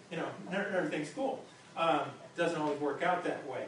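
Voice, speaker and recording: A man preaches a sermon in a casual, talky way, tripping over and repeating his words as he goes. His voice sits a little high and comes from some distance off. The hall around him rings with heavy echo over a faint hiss. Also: a little fast. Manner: conversational, stammering restarts and repeated words. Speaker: pastor. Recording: very echoey hall, distant mic, faint noise.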